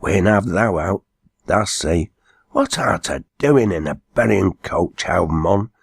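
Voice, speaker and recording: A man's voice: low-pitched, takes it slowly, gravelly, husky, dry recording, studio quality, full character voice. A man voicing a bold country haymaker in broad Lancashire dialect. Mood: curious. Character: bold older male haymaker, gruff country fellow.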